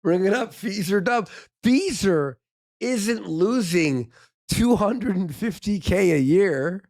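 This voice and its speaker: A man's voice: high-pitched, expressive, takes it slowly, a little mellow, no room sound, clean studio sound. A man co-hosting a live stream, giggling often and swearing casually. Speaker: co-host.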